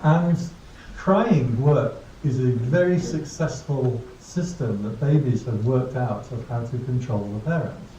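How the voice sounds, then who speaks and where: This male Buddhist monk, teaching mindfulness, keeps a measured pace with few pauses, his medium-pitched voice dark in tone. His talk to the class is casual and funny, full of anecdotes and his own laughter at his jokes. The dull, distant, roomy recording has a little hiss or hum.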